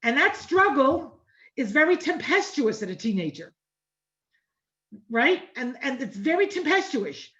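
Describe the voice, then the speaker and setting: In a high, sing-song, slightly bright voice that moves a little slowly, a middle-aged woman teaches an online Torah class. The informal lecture is conversational, full of repeated phrases and frequent "right?" check-ins with listeners. The recording is dull and lo-fi.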